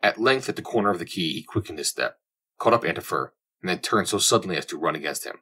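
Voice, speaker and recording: A man narrating a classic novel as an audiobook in measured, descriptive storytelling. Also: low-pitched, animated, bright, forceful tone, breathy edge.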